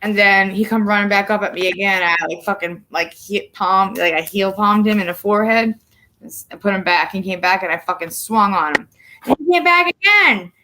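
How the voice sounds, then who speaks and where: A young woman with a bright, forceful voice, chatting casually on a couple's livestream. She tells stories bluntly and animatedly, swearing freely. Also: mid-range voice, a little fast, slight background noise. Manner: blunt, profane, animated storytelling. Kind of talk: casual chat.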